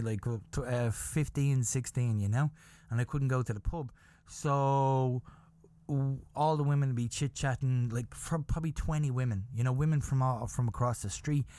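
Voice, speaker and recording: A middle-aged Irish man hosting a podcast, telling a comic story with animated, swearing exasperation. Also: mid-range voice.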